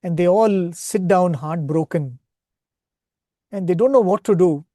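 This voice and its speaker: Brief: earnest male retreat speaker, mellow tone, dry close sound, devotional storytelling. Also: sits high, a little slow, dry recording. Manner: earnest, retells scripture stories, often asks "right?".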